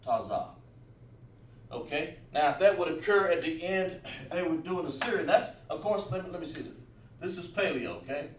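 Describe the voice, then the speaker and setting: A Hebrew teacher runs a livestream class, talking as he writes on a board, with many fillers and restarts. His voice is fairly high and expressive at a moderate pace, and the distant mic picks up roomy echo and a little hiss or hum.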